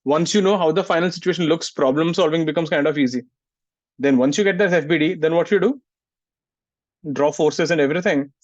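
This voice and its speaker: A man's voice: fairly high pitch, a little fast, no room sound. A male physics teacher, lecturing a class and scolding students who don't listen. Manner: scolds students, asks "getting it?" often. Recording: muffled, dry sound.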